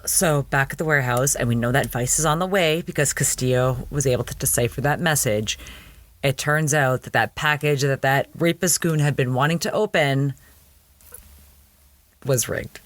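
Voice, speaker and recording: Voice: medium pitch, normal speed, fairly bright tone. A podcast host recapping a TV episode in casual chat, with frequent laughing, incredulous asides.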